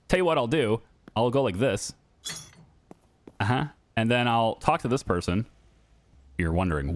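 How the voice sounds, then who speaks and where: A man's voice: lowish voice, lively intonation, moderate pace, pauses often. A man in his thirties chatting casually over gameplay, joking and sarcastic with his viewers. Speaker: gaming YouTuber.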